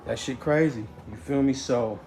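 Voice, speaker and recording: A man's voice: mid-range voice, moderate pace. Bay dude in his 30s rambling thru a story, keeps stuttering and restarting, roomy echo. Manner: rambling, stammering restarts, constant "you know what I'm saying". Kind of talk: casual storytelling. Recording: echoey room, faint noise.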